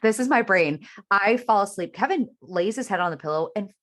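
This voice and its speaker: A woman's voice: medium pitch, lively intonation, a little fast, a bit bright. A woman guest in a casual panel chat, telling stories frankly and animatedly.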